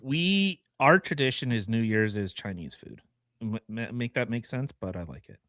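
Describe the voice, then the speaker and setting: A man's voice: medium pitch, sing-song, normal speed, fairly bright tone, no room sound, studio quality. A man co-hosting a podcast, trading crude jokes and laughing often in casual banter. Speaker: podcast co-host.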